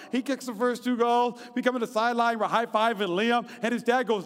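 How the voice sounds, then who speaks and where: A high-pitched male pastor in his thirties, preaching with lively, chatty energy and often asking the crowd for agreement. His voice rings out with a long reverb from a big church hall. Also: a little fast, hardly any pauses, clean tone. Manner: lively and conversational, often asking the congregation "right?". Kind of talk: sermon.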